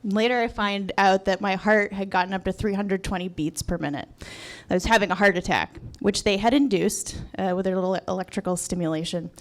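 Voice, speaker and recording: A woman's voice: medium pitch, a little fast. A young adult woman telling a personal story at a live event in a restaurant, candid and wry with a sarcastic edge.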